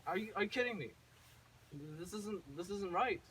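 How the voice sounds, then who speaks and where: A man playing a sad, gentle woodcutter father. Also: high voice, lively intonation, moderate pace, a little hiss or hum, poor audio.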